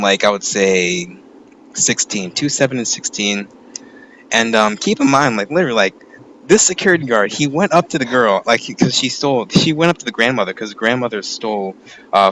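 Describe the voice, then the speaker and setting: A man's voice: mid-range voice, fairly bright tone, a little hiss or hum, poor audio. A man hosting a podcast, telling a rambling, profane story in casual chat. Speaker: podcast host.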